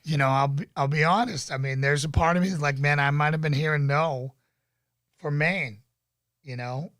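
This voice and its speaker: A man's voice: fairly high pitch, normal speed, fairly bright tone, no echo, clean studio sound. A man hosting a casual live-stream chat, laid-back and rambling with lots of fillers. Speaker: podcast host.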